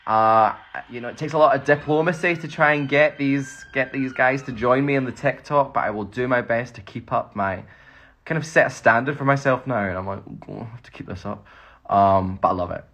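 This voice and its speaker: A man's voice: medium pitch, a little fast, a bit bright. A Scottish man, an actor, rambling cheerfully through fan questions in a casual phone livestream. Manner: chatty, rambling, laughs often.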